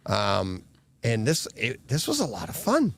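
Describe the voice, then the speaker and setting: A man's voice: medium pitch, measured pace, creaky, a little hiss or hum. A man co-hosting a podcast, chatting casually with lots of fillers and laughs. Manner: animated, laughing, rambling with fillers. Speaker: podcast co-host. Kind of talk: casual chat.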